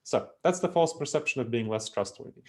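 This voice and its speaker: A middle-aged man with a Russian accent presents a business training talk at an average pitch. He explains with emphatic repetition, returning to his key phrases again and again. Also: lively intonation, fairly quick. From Moldova. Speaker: speaker, trainer.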